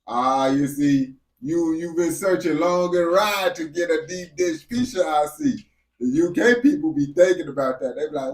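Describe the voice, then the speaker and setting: A man's voice: on the high side, normal speed. Slangy young man chatting with a game character. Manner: slangy, repetitive, swings between mumbling and excited yelling. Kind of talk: casual chat with a game character.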